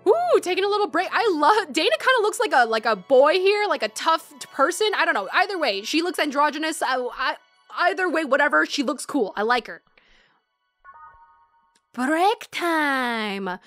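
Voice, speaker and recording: A woman with a high, bright-sounding voice chatters through her game commentary in a casual, giggly way. She often hums along with the tunes, and soft music plays faintly behind her. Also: sing-song, moderate pace. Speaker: let's-play host.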